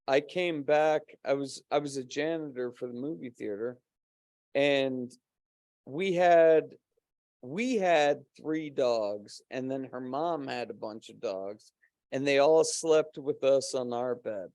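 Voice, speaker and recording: A man appearing as a guest on a podcast, where he's co-host of a paranormal show, tells a rambling story in casual conversation, swearing and laughing often. His mid-range voice is slow and somewhat dark in tone, with no echo.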